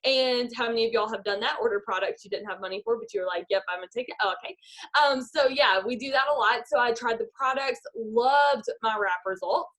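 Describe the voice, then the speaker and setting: A woman's voice: a little high, a little fast, a bit bright. A woman, a network marketing leader giving an upbeat motivational talk over a video call. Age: 20s. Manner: upbeat, guides a visualization.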